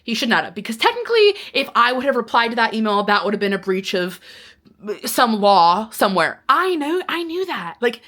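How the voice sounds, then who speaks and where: Woman vlogger, talking to camera, bright forward tone, exasperated and expressive storyteller. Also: fairly high pitch, fairly quick. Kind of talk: casual talking-to-camera vlog.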